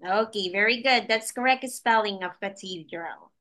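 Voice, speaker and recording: A woman's voice: medium pitch, normal speed, pushed and bright. A woman tutoring a child in English over a video call, patient and encouraging, laughing often. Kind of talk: one-on-one online lesson for a child.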